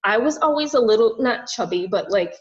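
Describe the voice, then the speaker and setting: A woman's voice: fairly high pitch, expressive, a little fast, highs cut off. A young woman from the American South who coaches fitness and nutrition. She gives a heartfelt, rambling personal testimony at an info session, full of "like" and "literally.". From Southern United States.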